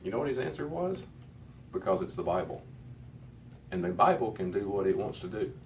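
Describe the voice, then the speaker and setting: A man's voice: fairly low pitch, very animated, fairly quick. Man, middle-aged, classroom lesson, methodical, repeats words, distant mic, faint background noise. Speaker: Hebrew teacher.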